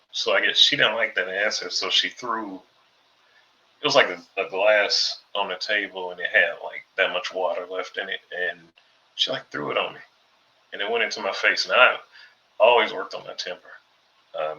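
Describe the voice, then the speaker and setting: A man's voice: low voice, bright, forceful tone, highs cut off. A man, a former Jehovah's Witness, telling a personal story in a laid-back, conversational way, full of "um" and "like". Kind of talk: casual storytelling monologue.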